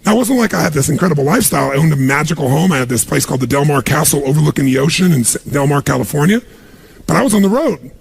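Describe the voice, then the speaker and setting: A man's voice: fairly high pitch, lively intonation, rapid-fire, creaky, breathy edge. A man giving an emphatic motivational seminar talk to a live audience in a large room, pushing them with repeated commands. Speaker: motivational speaker.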